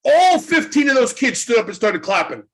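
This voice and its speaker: A middle-aged man, a guest in an interview, telling a story in a casual, animated way, often repeating his words as he goes. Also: very high voice, moderate pace. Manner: animated retelling, acts out quoted voices, repeats words. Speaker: interview guest, former wrestling trainer.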